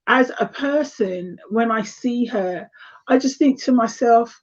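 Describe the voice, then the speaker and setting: Slow, hesitant British woman on a stream. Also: a little high, darkish tone, lo-fi sound. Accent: English, between standard British and London. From England. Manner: hesitant, many fillers and restarts. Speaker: tarot reader and live stream co-host. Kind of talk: casual live stream chat.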